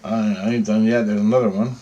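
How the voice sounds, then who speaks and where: A man's voice: fairly low pitch, steady tone, fairly quick, warm tone, dull audio. A man telling a story in a rambling, agitated spoken monologue, swearing often and checking in with "right?". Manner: profane, agitated, conversational with repeated "right?". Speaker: vlogger recounting a dream.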